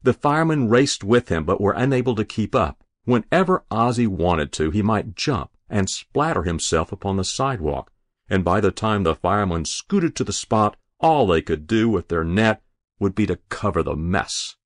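Male narrator for literary fiction, low voice, wide-ranging and unhurried, very dry close sound. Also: no echo. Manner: measured, expressive storytelling.

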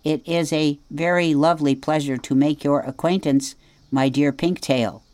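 A woman's voice: low-pitched, steady tone, moderate pace, a little mellow, dry recording, close to an everyday voice. Woman voicing a stiffly polite robot. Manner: formal, stilted, careful politeness. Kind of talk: audiobook character voice.

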